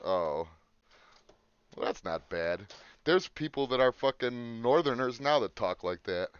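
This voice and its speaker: Chicago guy, crude jokey podcast banter, smooth voice, dry dull lo-fi sound. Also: mid-range voice, animated, a little slow, no room sound. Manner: crude, joking, profane banter. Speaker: podcast co-host. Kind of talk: casual chat.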